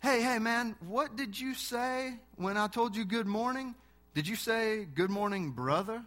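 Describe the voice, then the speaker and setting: A man voicing a friendly, excited male gas station clerk who talks effusively. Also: sits high, a little slow, pitched above the performer's own voice. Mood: curious. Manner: enthusiastic, effusive.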